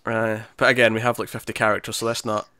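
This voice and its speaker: A man's voice: on the low side, level tone, fast, sharp tone. A man co-hosting a podcast in casual chat, chatty and laughing often, acting out characters' lines. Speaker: podcast co-host.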